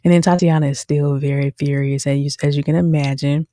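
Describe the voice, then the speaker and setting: Woman, show reviewer, mellow low voice, dry sound, chatty, talks straight to viewers. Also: a little fast, few pauses, no echo. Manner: chatty, addresses viewers directly as "y'all"; animated, with frequent "um" and "okay?". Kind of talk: casual commentary.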